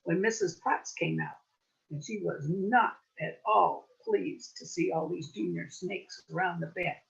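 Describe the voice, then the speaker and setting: A woman storyteller telling a playful folk tale with lively wordplay at a story swap. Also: lowish voice, a little slow, gravelly, highs cut off.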